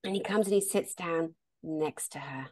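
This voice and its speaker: A woman therapist telling stories in a casual conversation, animated and laughing often. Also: sits low, moderate pace. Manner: animated, laughs often, acts out quoted voices. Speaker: therapist and meditation teacher.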